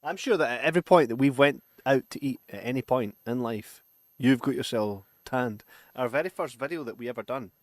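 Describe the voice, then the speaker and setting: A man's voice: medium pitch, brisk, dry recording. A young man co-hosting a film-review podcast, joking and bantering in casual chat and reading out listener comments. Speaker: podcast co-host.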